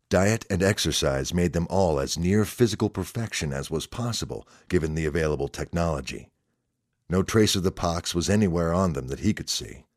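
A man reads a story aloud in a steady, measured way. His voice is very deep. The recording is dry and close. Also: no echo. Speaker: narrator. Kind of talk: scripted story narration.

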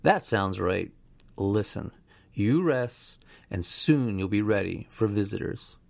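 A man voicing a calm, reassuring young male nurse, slow and gravelly. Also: lowish voice, dry recording, full character voice.

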